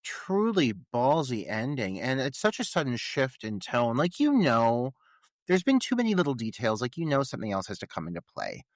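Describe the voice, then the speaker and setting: Man, podcast co-host, casual film talk, medium pitch, dry recording. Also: huge pitch swings, normal speed, no echo. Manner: conversational, many filler "like"s.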